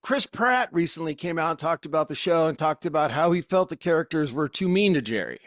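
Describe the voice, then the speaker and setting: A man co-hosting an interview, teasing the guest with mock-serious deadpan remarks. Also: on the high side, a little fast, no echo, clean studio sound. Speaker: co-host. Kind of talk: casual interview, dry teasing.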